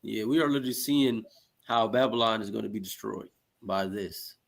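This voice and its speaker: A co-host with a low, gravelly voice chats casually. He reads figures aloud and reacts with amazement in a slangy manner. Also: normal speed. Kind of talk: casual chat.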